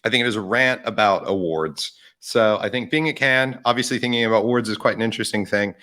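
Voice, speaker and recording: A man's voice: fairly low pitch, fast, pushed and bright. A man co-hosting a podcast in casual chat, thoughtful and hedging his points. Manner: thoughtful, hedging with "I think" and restarts. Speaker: podcast co-host.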